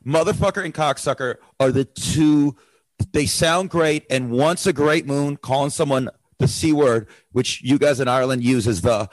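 A man's voice: medium pitch, moderate pace, dry recording, low-quality recording. American male comic guest, easygoing banter, dry close mic. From USA. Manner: chatty, joking. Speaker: comedian, guest. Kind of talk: casual chat.

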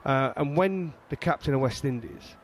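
Middle-aged Yorkshire man, chatty storyteller, mid pitch, faint outdoor noise behind. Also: moderate pace. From England. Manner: animated storytelling, frequent restarts. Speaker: guest, former fast bowler. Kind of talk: casual chat.

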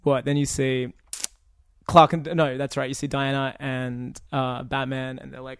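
A man's voice: mid-range voice, flat delivery, a little slow, clean tone, no echo, clean studio sound. A man co-hosting a podcast, chatting casually and sarcastically about a film, swearing freely. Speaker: podcast co-host. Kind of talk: casual movie review chat.

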